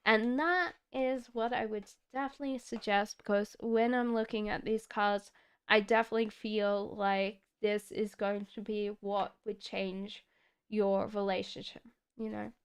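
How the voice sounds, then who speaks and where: A woman's voice: mid-range voice, steady tone, a little slow, clean tone. An Australian woman giving tarot readings on a live stream, chatty with many fillers and frequent laughs. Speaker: tarot reader.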